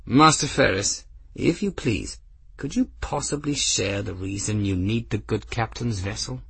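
A dignified nobleman, played by a man, speaking with measured, patient weariness. His low voice is very husky and sits close and dry in the recording. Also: expressive, no echo, heavily acted. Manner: measured, patient, slightly weary.

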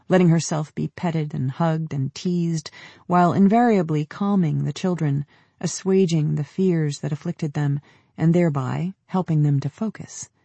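A man narrating an audiobook in a measured, descriptive storytelling manner. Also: fairly high pitch, vocal fry, dark tone, no room sound. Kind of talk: scripted narration.

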